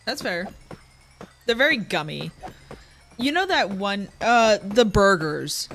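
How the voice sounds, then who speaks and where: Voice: mid-range voice, big pitch swings, slow pace, creaky, fairly bright tone, faint music behind. A streamer chatting casually while playing, blunt and swearing freely as they talk to chat.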